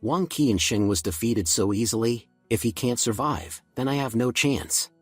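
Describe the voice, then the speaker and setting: A man's voice: medium pitch, lively intonation, normal speed, breathy edge, no echo, soft background music. A man voicing a cowardly male gang front man who talks in a shaky, pleading way in a recap story.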